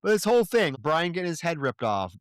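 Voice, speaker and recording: A man co-hosts a movie podcast and walks through the plot in a relaxed, rambling way, briefly acting out the characters' lines. His voice is smooth and resonant. The recording is dry and close, with no room sound. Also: on the high side, brisk, dry recording. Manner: laid-back, trails off into shrugging asides. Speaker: podcast co-host. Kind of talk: casual movie recap.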